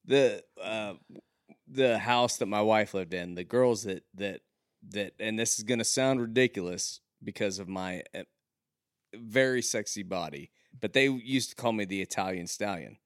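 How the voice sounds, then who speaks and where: A man with a lowish voice in a dry, close recording, telling personal stories in casual chat. He chuckles his way through the funny parts. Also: moderate pace, no room sound. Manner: laughs through his own anecdotes.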